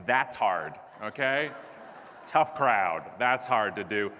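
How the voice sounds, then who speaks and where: A man giving a comedic keynote speech on a large conference stage, animated and self-deprecating. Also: lowish voice, slow, slight background noise. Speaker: keynote speaker. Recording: echoey hall.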